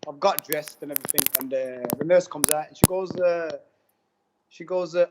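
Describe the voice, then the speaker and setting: Man telling his story, slangy and animated. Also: on the high side, moderate pace, slight background noise. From United Kingdom. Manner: animated, repeats himself, slangy with "bro" and "man". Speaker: interviewee giving a testimonial. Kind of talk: casual storytelling. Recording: dull lo-fi sound.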